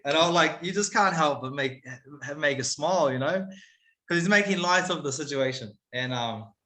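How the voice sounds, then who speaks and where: A man tells his story openly and casually, cursing freely as he goes. His voice is bright and tense at the edges. The recording carries a noticeable room echo. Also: a little high, normal speed. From New Zealand. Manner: candid, swears freely, animated retelling. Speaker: guest, MMA fighter. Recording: roomy echo.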